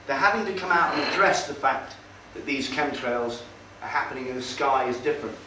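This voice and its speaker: A man's voice: medium pitch, brisk. A man giving a casual, sardonic talk to an audience in a meeting hall. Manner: conversational, sardonic, hesitant with fillers. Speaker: speaker at a public talk. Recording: roomy hall, far from mic, faint noise.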